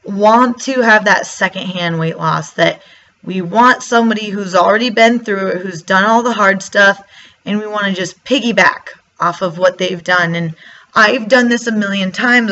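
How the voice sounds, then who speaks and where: A woman's voice: medium pitch, pushed and bright. A woman giving casual motivational talk in a vlog, chatty, acting out her own past thoughts. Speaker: vlogger. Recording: slightly dull lo-fi sound.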